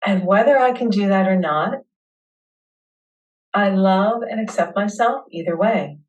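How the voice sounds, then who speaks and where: A woman hosting a webinar, leading listeners through a guided tapping session with slow, soothing affirmations. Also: medium pitch, distant mic, low-quality recording.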